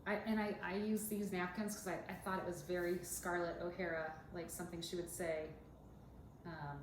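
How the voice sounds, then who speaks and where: Her voice sits lowish and her delivery is flat, at an ordinary speed. She's a dentist and podcast co-host, giggling through casual chat as she makes a cocktail, recorded in an echoey space with background noise.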